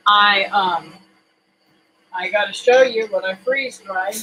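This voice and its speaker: A homesteading vlogger talks to camera from a home kitchen in an unhurried, drawn-out way. The voice is bright and forward. The delivery is folksy and rambling, full of ums and uhs. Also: medium pitch, slight background noise, rough recording. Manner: folksy, rambling, with many fillers. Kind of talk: casual chat to camera.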